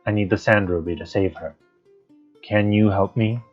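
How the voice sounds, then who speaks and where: A man's voice: lowish voice, fairly even intonation, moderate pace, natural voice. An earnest, firm young knight from a video game, read by a man in his own voice. The audio is muffled and lo-fi, with faint guitar music.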